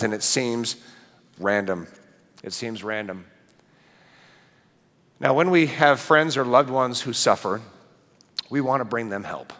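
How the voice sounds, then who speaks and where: A middle-aged male pastor giving a conversational sermon in a church, animated and asking the congregation questions. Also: mid-range voice, in a large hall. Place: church sanctuary.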